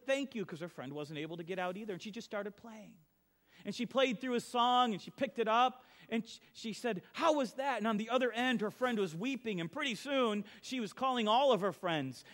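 A middle-aged male pastor preaching a conversational sermon, telling stories, moving between soft asides and emphatic lines. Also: high-pitched.

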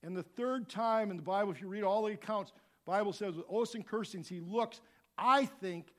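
A middle-aged man preaching a sermon as a pastor, animated, dropping to quiet asides and rising to loud shouts. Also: high voice, normal speed.

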